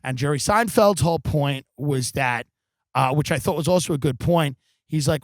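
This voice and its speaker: A man doing a comedic monologue rant, sardonic and theatrical, with plenty of swearing. His voice sits a bit high for a man, close and dry on the mic. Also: normal speed, no room sound. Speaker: podcast host. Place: backyard of a rental house. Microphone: studio microphone.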